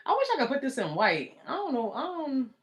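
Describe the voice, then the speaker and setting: A woman's voice: high-pitched, wildly swooping pitch, fairly quick. A woman talking casually and emotionally in a live video, rambling and indignant as she defends her partner.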